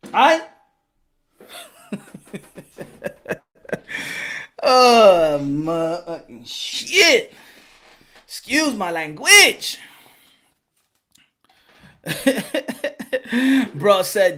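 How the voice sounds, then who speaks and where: A man hosting a boxing channel on a live stream, loud, rowdy and swaggering, who breaks into Spanish. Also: sits high, big pitch swings, drawn-out words, long pauses.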